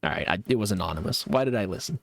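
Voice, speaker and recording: A man's voice: on the low side, expressive, rapid-fire, creaky, no room sound. A young man streaming a game live, chatting casually with a sarcastic, laid-back manner and frequent laughs while reacting to chat.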